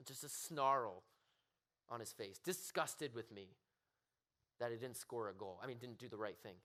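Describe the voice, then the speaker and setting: A young man preaches to a room of students. His delivery is earnest, rising into loud, pleading emphasis on key points, with a mid-range pitch. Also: moderate pace, long pauses. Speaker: youth pastor. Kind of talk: youth sermon. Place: youth service room with audience.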